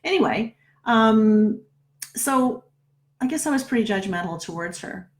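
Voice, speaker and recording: A woman's voice: fairly high pitch, lively intonation, unhurried. Chatty middle-aged woman telling a story. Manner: chatty, keeps asking "right?". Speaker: numerologist. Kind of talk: casual spoken storytelling.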